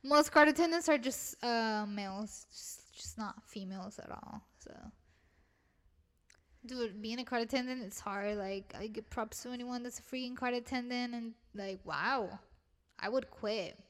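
A young woman with a thick Mexican Spanish accent talks in loose, rambling casual chat. She swears often and pokes fun at herself. Her voice sits somewhat high. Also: a little slow. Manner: rambling, swearing, self-deprecating. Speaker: retail worker.

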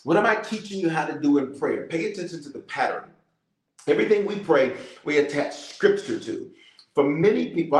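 A man's voice: mid-range voice, a little mellow, echoey room, rough recording. A man, a bishop, teaching about prayer and leading it with rhythmic, repeated declarations and casual asides.

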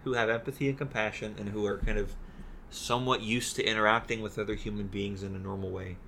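A man's voice: lowish voice, steady tone, quick pace, vocal fry, bright, forceful tone, slight background noise. A man in a casual podcast chat about a video game, ranting in an exasperated, profane way. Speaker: podcast co-host.

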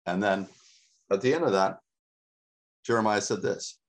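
A man preaching a sermon as a pastor, emphatic, with dramatic pauses and repetition. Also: lowish voice.

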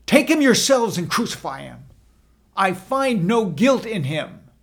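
A man voicing a stern, anxious Roman governor in a scripture drama, making loud, forceful declarations. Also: sits high, sing-song, measured pace, gravelly, pitched above the performer's own voice, heavily acted. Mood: insistent.

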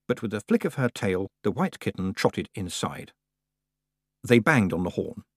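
A man narrating an audiobook in a lively, expressive storytelling manner. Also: fairly low pitch, normal speed, slightly rough, no room sound, studio quality.

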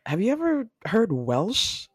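A woman's voice: medium pitch, wildly swooping pitch, slow pace, slightly rough, dry recording, studio quality, soft background music. A young woman chatting casually as a co-host, thinking aloud in rambling, self-correcting runs. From United States. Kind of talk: casual chat.

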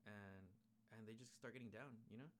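A man with a somewhat low voice hosts a casual podcast. He rambles along in easygoing slang and swears often. His talk is loose and chatty. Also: brisk, a little hiss or hum. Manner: laid-back, rambling, heavy swearing and slang. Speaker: podcast host. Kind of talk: casual chat recapping an episode.

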